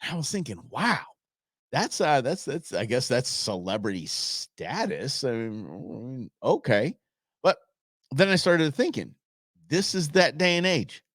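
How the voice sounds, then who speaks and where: A man's voice: medium pitch, sing-song, unhurried, no echo, clean studio sound. A middle-aged man hosting a show, telling stories in a rambling, casual way with many restarts. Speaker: show host. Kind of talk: casual podcast monologue.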